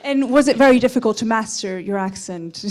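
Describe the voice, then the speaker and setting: A woman's voice: fairly high pitch, fairly quick, a little mellow, slight background noise. A woman moderating a film panel who asks long, rambling questions full of fillers. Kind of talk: interview questions.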